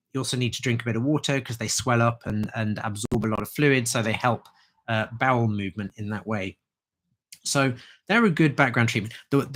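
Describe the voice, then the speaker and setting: A man's voice: mid-range voice, a bit bright. A man, an herbalist, explaining herbal remedies in a chatty, informal livestream talk.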